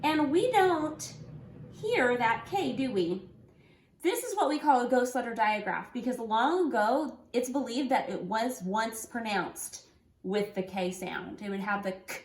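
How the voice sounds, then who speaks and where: A woman with a slightly high voice teaches young children a phonics lesson. She talks slowly and clearly, spelling out letters and encouraging the kids along. The room around her sounds roomy and echoey. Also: expressive. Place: home room with an easel.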